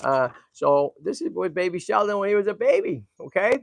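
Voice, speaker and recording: A man's voice: sits high, lively intonation, fairly quick, gravelly, a little hiss or hum. A middle-aged man hosting a casual live stream, speaking with emotion straight to his viewers and breaking off into frequent restarts. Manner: emotional, talks to viewers and animals, many restarts. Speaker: livestream host.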